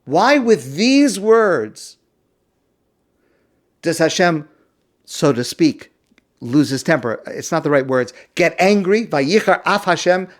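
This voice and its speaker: A rabbi teaches a class on the weekly Torah portion, telling stories with self-deprecating humor and asking pointed rhetorical questions. His voice is a little high and sing-song, and he goes slowly with long pauses.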